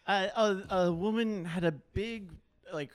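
A man's voice: sits high, measured pace. A man chatting casually, telling a story in a rambling, hedging way. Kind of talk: casual chat.

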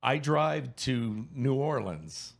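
A man in his fifties from Louisiana tells a long story among friends. His voice has a gravelly, fry-laden edge. He talks in a loose, animated way and swears freely. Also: medium pitch, slow pace. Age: 50s. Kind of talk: casual storytelling.

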